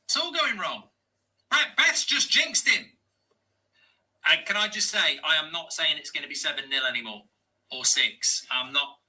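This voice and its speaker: A man reacting to a football match live as a fan channel host, exasperated and swearing, often breaking into shouted rants. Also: fairly high pitch, lively intonation, normal speed, rough recording. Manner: swearing, exasperated, ranting at the game.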